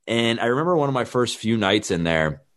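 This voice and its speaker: A man's voice: mid-range voice, sing-song, a little fast, fairly bright tone. A man in his thirties, a fitness trainer, candidly telling his life story in a plain-spoken way and acting out the dialogue he quotes.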